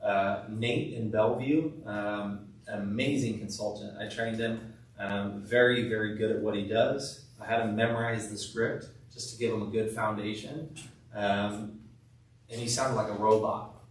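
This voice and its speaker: A man's voice: fairly low pitch, steady tone, unhurried, distant mic, slight background noise. Man coaching in an echoey room. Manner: demonstrates scripted patient talk, soft empathetic tone. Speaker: sales trainer. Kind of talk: sales training session.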